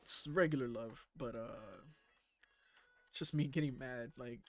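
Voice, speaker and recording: A man's voice: medium pitch, unhurried, pauses often, no echo. A man chatting casually and swearing freely while streaming a game, laughing often and muttering to himself as he plays. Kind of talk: casual live-stream chat while playing.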